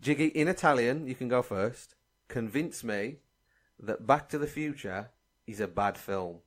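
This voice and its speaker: A man with an average-pitched voice hosts a comedy podcast. He briskly sets up rounds of a silly game and teases his co-hosts. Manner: brisk, playful game-show prompting. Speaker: podcast host running a game. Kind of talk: casual comedy chat.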